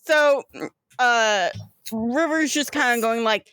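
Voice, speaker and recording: Casting: rambling, laughing woman GM, high-pitched, close and dry. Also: slow pace, fairly bright tone, clean tone, dry recording. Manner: giggly, rambling with many fillers. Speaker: game master. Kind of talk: narrating a tabletop game.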